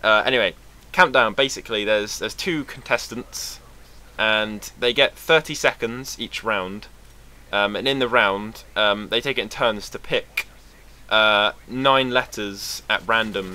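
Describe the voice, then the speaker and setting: A young British man from England talking to camera in a casual, rambling vlog, sarcastic and quick to swear. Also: on the low side, pushed and bright. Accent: British English. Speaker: vlogger.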